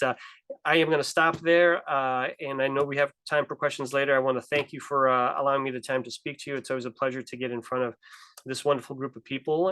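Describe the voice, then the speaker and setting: A man in a dry, close-sounding space gives an informal talk to students, stopping often on "uh" and "um" as he goes. His pitch sits in the middle range. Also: a bit bright, no echo. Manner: halting, many fillers like "uh". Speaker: simulation center staff presenter. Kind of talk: informal presentation.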